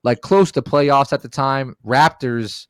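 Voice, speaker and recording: A man's voice: mid-range voice, slow, clean tone, no echo. A man on a podcast telling a rowdy, profane story in casual chat and acting out the quotes. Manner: animated, profane, acts out quotes.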